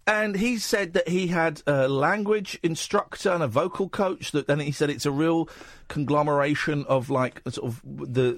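A man hosting a late-night radio show, chatting with sarcastic, animated banter. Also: a little high, no echo, studio quality. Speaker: radio host. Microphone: studio microphone.

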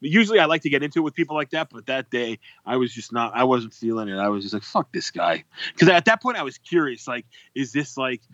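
A man co-hosting a casual podcast, telling stories in a profane, animated way. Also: mid-range voice, fast, dry recording, highs cut off. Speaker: podcast co-host.

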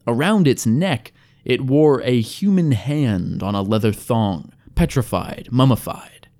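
A male narrator reading a fantasy tale in scripted narration. His delivery is wry and lively, the pitch moving freely through each sentence at a medium height. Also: a little slow. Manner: wry, storytelling.

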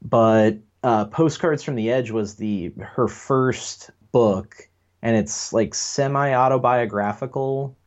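A man's voice: mid-range voice, takes it slowly. A man co-hosting a casual pop culture podcast, joking and rambling with fillers. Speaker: podcast co-host. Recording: dull lo-fi sound.

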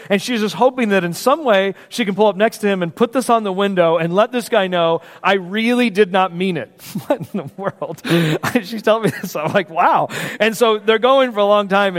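A man preaches a sermon in a church hall, his fairly high voice trailing off into a long reverb. He tells stories with energy, acts out the voices in them, and drops to a hush for serious moments. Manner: animated storyteller, acts out voices, swings from loud to hushed. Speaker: pastor. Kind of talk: sermon with personal story.

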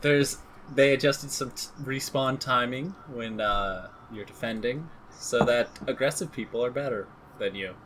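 A man's voice: mid-range voice, a little slow, background noise. A man co-hosting a casual gaming podcast, going over update notes in a rambling, joking way. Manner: joking, rambling, self-deprecating. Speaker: podcast co-host. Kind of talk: casual chat reading game patch notes.

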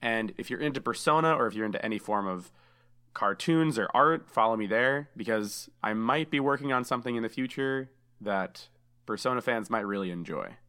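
Bright-voiced chatty male host. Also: mid-range voice, a little fast, clear, resonant tone. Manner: chatty, enthusiastic, says dude a lot. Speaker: podcast host. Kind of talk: casual podcast chat.

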